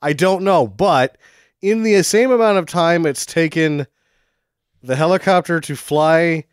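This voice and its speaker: Podcast co-host with a smooth, resonant voice at an ordinary pitch, delivering dry, deadpan sarcasm about a film. He sounds close and dry, with no room echo. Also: measured pace. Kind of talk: casual comedic movie riffing.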